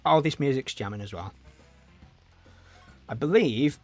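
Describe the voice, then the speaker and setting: This young British streamer's mid-range voice is animated, unhurried, and a little mellow. Playing a game with music behind him, he reads chat aloud and rambles casually, dropping frequent ums while struggling with hiccups.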